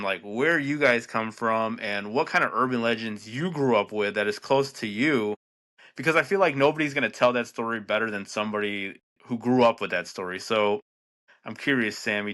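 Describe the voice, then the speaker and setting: A man from Chicago co-hosts a casual podcast and asks guests questions with friendly curiosity. His voice is bright and clear. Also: medium pitch, moderate pace. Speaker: podcast co-host.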